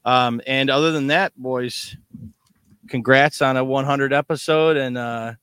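A man's voice: mid-range voice, steady tone, measured pace, fairly bright tone, smooth, no echo. A man from Chicago co-hosting a fantasy football podcast, talking casually and rambling with many fillers. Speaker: podcast co-host. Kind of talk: casual chat.

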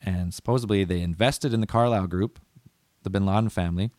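Rambling, profane man, low voice. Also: fast, a little mellow, no echo, clean studio sound. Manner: rambling, profane, loses his notes. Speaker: podcast host. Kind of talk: casual conspiracy podcast chat.

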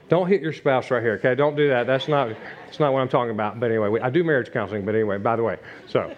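Preaching middle-aged man, somewhat high voice. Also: dull audio. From Virginia. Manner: repetitive, conversational preaching with asides to the congregation. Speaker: pastor. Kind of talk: sermon.

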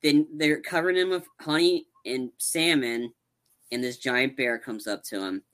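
A man's voice: mid-range voice, normal speed, fairly bright tone. A man co-hosting a podcast, rambling animatedly through a movie recap with many restarts. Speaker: podcast co-host. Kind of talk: casual chat recapping a movie.

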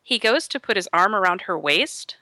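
A woman's voice: mid-range voice, moderate pace, no echo. A woman co-hosting a podcast, telling a story in casual chat and acting out the voices of the people in it. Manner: animated, acts out quoted voices.

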